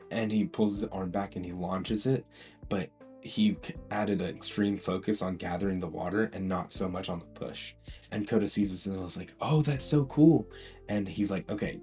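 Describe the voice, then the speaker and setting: A man's voice: sits low, dark tone. A man telling a fan-made story in a casual, rambling way, full of fillers and restarts. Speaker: channel host.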